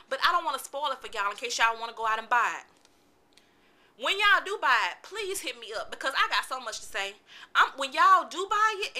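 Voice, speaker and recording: A woman, giving a chatty, animated book review in a casual vlog. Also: sits high. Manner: animated, chatty, vents with exclamations.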